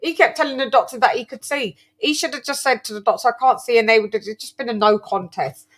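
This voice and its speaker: A woman hosting a boxing chat show, talking casually in an animated, exaggerated way with lots of stammered restarts. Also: fairly high pitch, quick pace.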